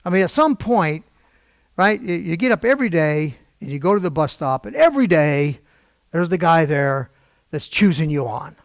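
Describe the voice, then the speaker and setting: A middle-aged man teaching a Bible prophecy class in an animated, digressive way, with frequent exclamations. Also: on the high side, moderate pace, no echo, clean studio sound. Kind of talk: informal Bible lesson.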